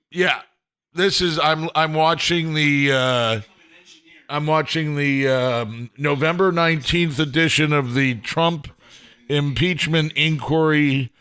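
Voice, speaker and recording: Man, solo podcast host at home; bright, slightly high voice; rambling, self-deprecating, chuckles a lot. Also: slow pace, clear, resonant tone. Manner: self-deprecating, chuckles often, trails off and restarts. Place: home, indoors.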